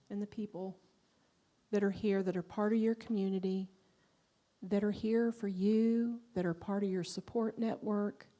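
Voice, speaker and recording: A woman's voice: mid-range voice, dark tone. Affirming female minister in church. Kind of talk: sermon and reading. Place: church sanctuary.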